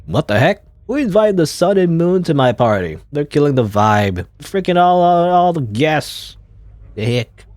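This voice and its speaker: An exasperated, haughty nobleman grumbles in slang about his ruined party, as a man reads a video game's lines aloud. The voice sits a little higher than the reader's own. It swoops with lively pitch and fast-changing emphasis. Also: no room sound. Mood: annoyed. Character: irritated haughty male count hosting a party. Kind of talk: reading game dialogue aloud in a voice.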